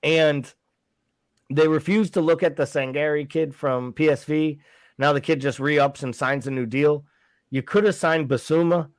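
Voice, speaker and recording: A man's voice: a little high, fairly even intonation, measured pace, no room sound. A man co-hosting a casual podcast, blunt and sarcastic. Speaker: podcast co-host.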